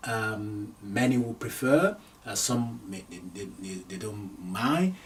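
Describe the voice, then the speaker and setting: A man teaching an Arabic language lesson, repeating each phrase slowly for learners, with frequent hesitations. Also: lowish voice, lively intonation, far from the mic, a little hiss or hum. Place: lives in London.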